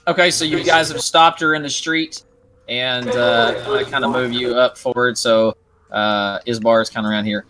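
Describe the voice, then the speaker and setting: A man running a tabletop game as game master, narrating haltingly with many fillers. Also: medium pitch, fairly even intonation, noisy background. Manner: halting, full of fillers and hedges.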